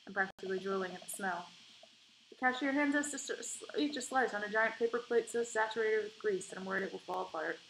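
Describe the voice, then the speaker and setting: Woman doing let's play commentary, mid-pitched, blunt and swears freely, faint hiss. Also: fairly quick, rough recording. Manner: animated, swears freely, indignant outbursts. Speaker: gamer playing a dating game.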